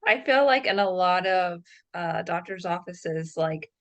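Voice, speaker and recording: A woman's voice: lowish voice, animated, measured pace, a bit bright, highs cut off. A woman co-hosting an interview, asking questions in a casual, conversational way with many fillers. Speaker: guest co-host.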